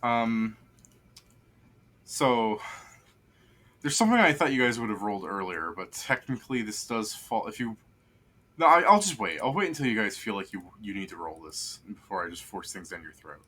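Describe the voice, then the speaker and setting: A man's voice: on the low side, sing-song, moderate pace, sharp tone. A man acting as game master, narrating a tabletop game casually and rambling with lots of fillers.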